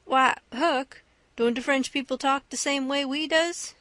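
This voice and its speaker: A woman's voice: high voice, steady tone, a little slow, a bit bright, dry recording. A woman reading the lines of a stubborn grown man who keeps insisting in an argument with a boy, in an audiobook.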